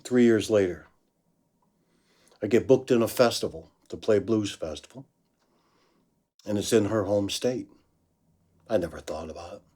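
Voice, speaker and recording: Husky and lowish, the voice of this blues musician moves a little slowly with long pauses as he tells a story casually. He's animated, acting out the voices of the people in it.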